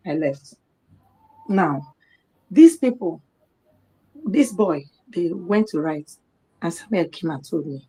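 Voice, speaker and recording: A middle-aged Nigerian-accented woman speaks at a medium pitch, a little slowly, pausing often. She's a guest on a live talk show, animatedly telling a personal story and acting out the voices of the people she quotes.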